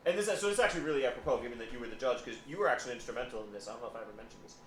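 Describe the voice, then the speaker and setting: A man, a psychotherapist, talking in a casual podcast chat, telling animated stories and often repeating words as he goes. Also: medium pitch, very fast, crowd noise. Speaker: psychotherapist guest. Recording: echoey room with faint noise.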